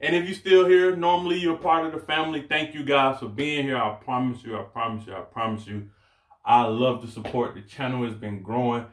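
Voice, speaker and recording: A young man telling a casual story on his channel, slangy and animated, laughing as he goes. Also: medium pitch, a little fast, echoey room. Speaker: vlogger.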